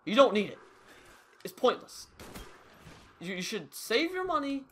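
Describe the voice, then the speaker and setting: Bright-voiced young guy rambling over gameplay. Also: very high voice, big pitch swings, measured pace, a little hiss or hum. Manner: rambling, self-mocking, loose and chatty. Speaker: gaming YouTuber. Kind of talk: casual gameplay commentary.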